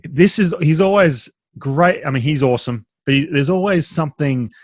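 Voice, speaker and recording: Telling a story on a podcast he co-hosts, this man speaks at normal speed in a voice on the high side, recorded with no room sound. He's animated in the casual chat, raising his voice to play the friends he quotes.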